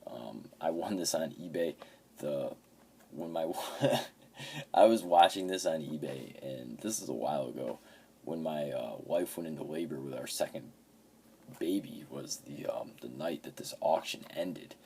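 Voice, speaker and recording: A man's voice: extremely low pitch, expressive, measured pace, creaky, warm tone, slight background noise. A man in his fifties casually talking about his video game pickups, swearing often and telling rambling stories. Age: 50s. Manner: profane, rambling storyteller. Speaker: game collector.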